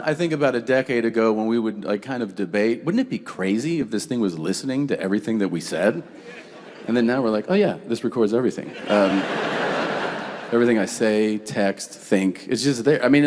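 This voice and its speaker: A man's voice: lowish voice, slight background noise. A middle-aged man doing a profane stand-up comedy set, telling brash stories and leaping into voiced bits. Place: comedy stage before a live audience. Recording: live stage recording, reverberant hall.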